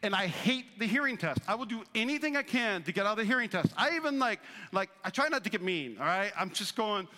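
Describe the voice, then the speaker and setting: A man in his thirties preaching a sermon as pastor, animated and joking, acting out the voices he quotes. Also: high-pitched, fast, hardly any pauses. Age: 30s. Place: church auditorium. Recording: long reverb of a large hall.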